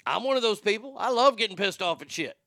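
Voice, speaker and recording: A man's voice: high-pitched, expressive, quick pace, fairly bright tone, no room sound, clean studio sound. A man hosting a talk show, ranting profanely as he tells fired-up stories. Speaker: radio show host.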